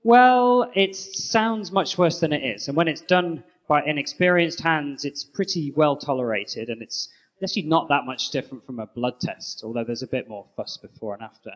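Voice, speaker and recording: A man co-hosting a live conference roundup, joking in a deadpan way. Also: on the high side, normal speed, poor audio. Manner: playful, deadpan jokes. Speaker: co-host.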